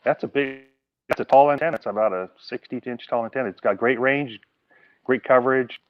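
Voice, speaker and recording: This man, a guest, swaps casual stories about antennas, animatedly performing phone conversations and playing with his voice throughout. His mid-range delivery is a little fast, and the lo-fi recording has no echo.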